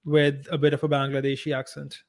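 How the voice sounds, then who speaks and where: A man's voice: medium pitch, completely flat delivery, fairly quick. A man from India with an Indian English accent that leans toward American, talking in a casual podcast conversation and reasoning his points out step by step. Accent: Indian English, moving toward American. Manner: explanatory, reasoning things out step by step. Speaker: podcast co-host.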